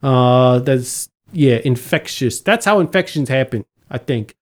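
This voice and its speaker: Brief: laid-back podcast guest, dry deadpan jokes, easygoing delivery. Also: medium pitch, a little slow. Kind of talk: casual podcast chat.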